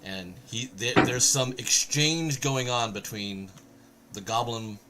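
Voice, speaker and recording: A man's voice: mid-range voice, slow pace, pushed and bright, faint music behind. A man narrating a tabletop game session as game master, explaining the scene steadily and often restarting his sentences.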